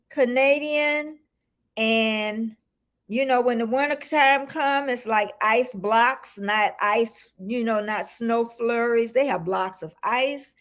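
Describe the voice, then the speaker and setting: A woman in her sixties hosting a casual livestream, greeting viewers by name and chatting warmly with frequent ums. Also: fairly high pitch. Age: 60s. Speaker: livestream host.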